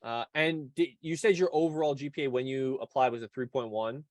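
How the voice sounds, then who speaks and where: A man's voice: medium pitch, fairly quick, no room sound. A man hosting a podcast who chats casually and asks loose, friendly questions. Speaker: podcast host. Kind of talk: casual interview.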